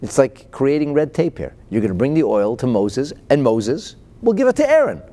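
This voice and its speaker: A man's voice: mid-range voice, big pitch swings, normal speed, mellow. A man teaching Torah and explaining a Chassidic discourse. He reads out Hebrew phrases, translates them into English, asks rhetorical questions and chuckles between points.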